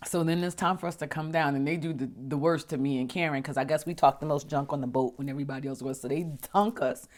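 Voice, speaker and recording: A woman hosting her own podcast, telling personal stories in a chatty, animated way, acting out conversations and dropping to soft murmurs when she reflects. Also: quick pace, few pauses. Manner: chatty, animated, acts out dialogue with big pitch jumps. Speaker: podcast host. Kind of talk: casual personal storytelling.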